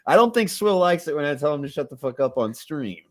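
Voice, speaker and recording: Man, stream host, swearing a lot, loud and laughing, very lively pitch. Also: fairly quick. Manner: profane, loud, laughing, prone to shouting outbursts. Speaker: podcast host. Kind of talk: casual livestream chat.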